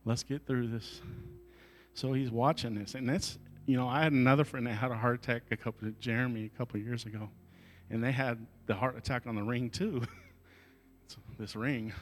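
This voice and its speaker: A man's voice: mid-range voice, fairly even intonation, fairly quick, a little hiss or hum. A male pastor delivering a sermon at a church service, telling an emotional story and moving into fervent prayer.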